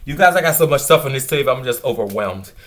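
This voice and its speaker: A man's voice: mid-range voice, expressive, quick pace, a bit bright. A man hosting a casual gardening vlog indoors at a table of seedlings, talking to viewers in an enthusiastic, chatty way. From Virginia, USA. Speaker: gardening channel host. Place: indoors at a table of seedlings under grow lights.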